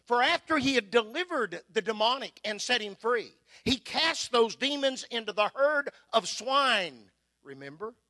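A man preaching a sermon with impassioned delivery, swinging from loud emphasis to hushed, slow phrases. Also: very high voice, lively intonation, no room sound. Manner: impassioned, rising and falling delivery with long pauses.

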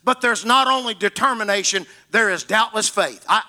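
High, bright-voiced emphatic male preacher. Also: normal speed. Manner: emphatic, repeating key words for stress; dramatic retelling of scripture stories. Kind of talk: sermon.

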